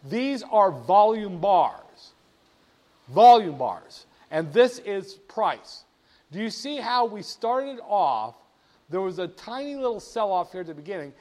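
High-voiced, animated finance instructor man. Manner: animated and playful, asks the viewer rhetorical questions. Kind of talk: screen-share lesson on market charts.

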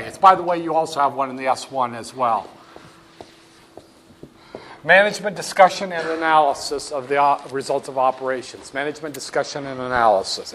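A man's voice: fairly high pitch, fairly bright tone, slight background noise. A man giving a classroom lecture on finance, wry and storytelling, with asides to the class.

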